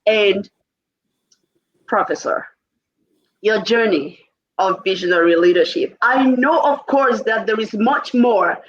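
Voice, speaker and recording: A woman's voice: medium pitch, slow pace, long pauses, muffled recording, slight background noise. A woman hosting an interview, talking hesitantly with repeated words and frequent laughs. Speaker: host.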